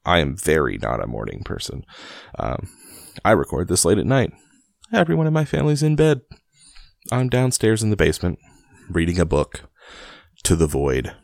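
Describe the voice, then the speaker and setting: A man's voice: deep voice, wildly swooping pitch, normal speed, vocal fry, pauses often, no echo, clean studio sound. A man hosting a casual podcast, reading a book aloud at home in his basement late at night and rambling with a self-deprecating, laughing manner. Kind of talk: casual storybook reading and chat.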